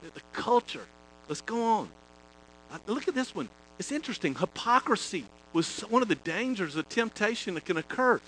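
A man preaching a sermon, telling folksy personal stories, swinging between loud emphasis and quiet asides. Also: high voice, big pitch swings, moderate pace, slight background noise, low-quality recording. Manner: chatty, folksy, repeats and restarts phrases.

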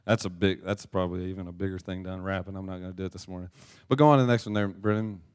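Low-voiced man preaching casually. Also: steady tone, racing, clean tone. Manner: chatty, self-deprecating storyteller with restarts. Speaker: pastor. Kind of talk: casual sermon with personal story.

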